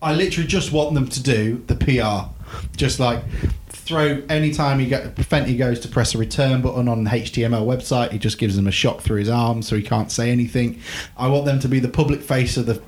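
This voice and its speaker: A man's voice: mid-range voice, steady tone, fairly quick, hardly any pauses, darkish tone. A man co-hosting a podcast in easygoing chat. He rambles, trails off into fillers and makes fun of himself as he goes. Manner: rambling, self-mocking, lots of fillers. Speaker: podcast co-host. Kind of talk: casual chat.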